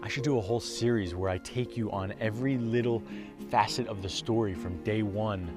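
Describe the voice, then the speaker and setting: Young male vlogger, lowish voice, blunt and emotional, hushed-to-loud storytelling, soft music underneath. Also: fairly quick. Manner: raw, emotional, swearing, dips to hushed then rises loud. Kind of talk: casual storytelling to camera.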